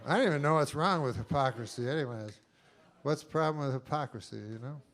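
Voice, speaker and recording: A male stand-up comedian with a medium-pitched voice works a club set in a deadpan, halting delivery full of long, drawn-out pauses. A handheld stage mic picks him up.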